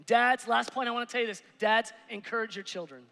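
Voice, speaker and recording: A male pastor preaching a sermon, animated, swinging between shouts and hushed asides on a church stage. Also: very high-pitched, fairly quick, gravelly. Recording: reverberant church hall.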